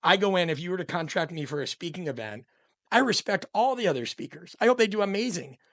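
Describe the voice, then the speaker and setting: A man's voice: high voice, expressive, quick pace, a bit bright, dry recording. A middle-aged man speaking as a podcast guest, an opinionated coach talking in a passionate, emphatic, ranting way. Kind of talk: podcast conversation.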